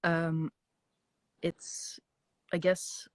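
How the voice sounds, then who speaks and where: A woman's voice: fairly low pitch, level tone, no echo. Hesitant woman reading her own poems. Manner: hesitant, many pauses and fillers. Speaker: guest poet. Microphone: video call.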